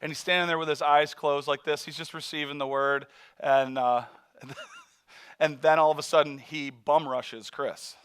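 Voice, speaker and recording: A man telling a mission story in a sermon, animated, acting out voices and laughing often. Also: fairly high pitch, a little slow, smooth.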